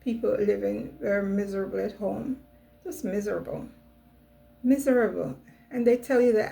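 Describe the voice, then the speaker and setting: A woman's voice: medium pitch, a little slow, vocal fry, pauses often, warm tone, rough recording. A middle-aged woman hosting her own channel, giving a chatty, musing monologue on relationships with many "you know" asides. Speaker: channel host.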